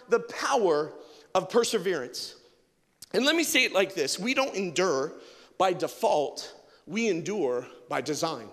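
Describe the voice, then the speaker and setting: Pastor guy preaching hard, asks the crowd for amens, voice way up high, big echoey church. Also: a bit bright. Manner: impassioned preaching with call-and-response. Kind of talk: sermon. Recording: long reverb of a large hall.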